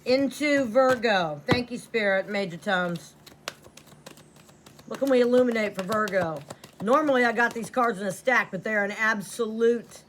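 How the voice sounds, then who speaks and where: A woman's voice: on the high side, moderate pace, background noise. A woman giving a tarot reading to camera, blunt and profane, repeating lines for emphasis. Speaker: tarot reader.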